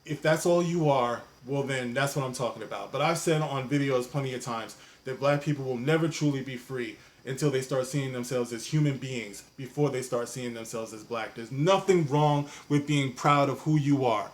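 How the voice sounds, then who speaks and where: A man's voice: mid-range voice, normal speed, hardly any pauses. A man giving a casual commentary rant, rambling and repeating "you know what I mean". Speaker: commentary vlogger.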